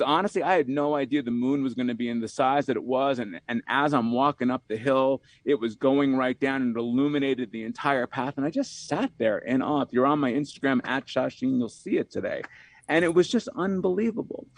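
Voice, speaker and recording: A man's voice: medium pitch, brisk, no echo. A man, an author from New York, talks as a podcast guest in a reflective, rambling way, often saying "you know" and repeating words.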